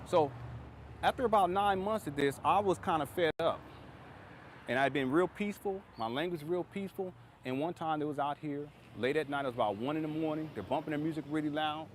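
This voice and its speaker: Rambling, fast-talking man vlogging outdoors. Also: a little high, slight background noise. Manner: rambling, repeats himself, conversational. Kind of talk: storytelling vlog.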